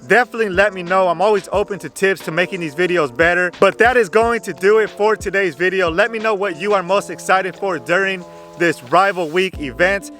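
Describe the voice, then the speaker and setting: Bright-voiced man giving game tips. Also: high-pitched. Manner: chatty, repeats "go ahead", frequent "uh" fillers. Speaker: gaming channel host. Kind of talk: casual game guide commentary.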